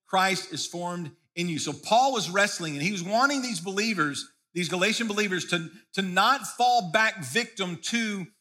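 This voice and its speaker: A man's voice: high voice, normal speed, hardly any pauses, pushed and bright. A man preaching a sermon as pastor, in a conversational way that often restarts and repeats words.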